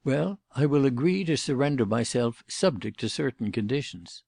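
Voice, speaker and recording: Casting: man reading an icy, formal gentleman, gravelly and dark, speaking with detached precision. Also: mid-range voice, animated, normal speed, dry recording, clean studio sound, pitched above the performer's own voice. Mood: cold. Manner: passionless and formal. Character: cold, commanding male suspect.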